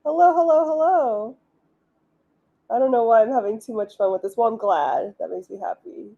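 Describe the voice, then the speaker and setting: A woman's voice: mid-range voice, quick pace, gravelly, phone-quality sound. A woman hosting a live writing stream, chatting casually with viewers, laughing often and filling her talk with "like.". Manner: chatty, giggly, many "like" fillers. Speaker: livestream host, author.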